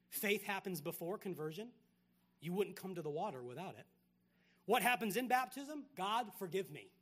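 High-voiced man preaching with lively swings. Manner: animated preaching with rhetorical questions, swinging from loud to hushed. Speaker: pastor. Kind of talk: sermon.

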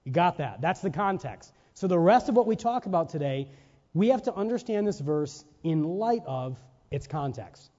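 Male preacher, high mellow voice, sermon with emphatic rhetorical questions, long church-hall reverb, dull lo-fi recording. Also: lively intonation, normal speed. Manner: rhetorical questions and checks with listeners; emphatic, stressing single words.

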